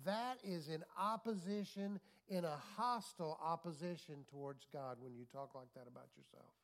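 A pastor preaching a sermon in a church, his voice sitting a little high for a man. He drives points home by repeating phrases and tossing questions back to the congregation. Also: moderate pace, few pauses. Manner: preaching with call-and-response asides and repeated phrases.

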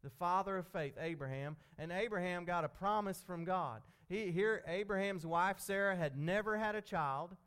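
Man, folksy preacher, fairly high voice, chatty informal sermon. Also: moderate pace, few pauses, fairly bright tone, clean tone. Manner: folksy, conversational, repeats himself.

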